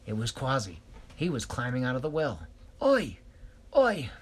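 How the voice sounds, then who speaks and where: A man telling an improvised story, hesitant, pausing and correcting himself. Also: mid-range voice, expressive.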